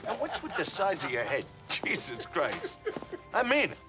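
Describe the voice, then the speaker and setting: A hot-headed, foul-mouthed man who hurls insults and shouts. His voice sits high and leaps all over the place as he rants. A film score plays behind him. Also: huge pitch swings, moderate pace, music in the background. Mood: abusive. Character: hot-tempered, foul-mouthed man, quick to pick fights. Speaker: abrasive customer in a film scene. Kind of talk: film acting.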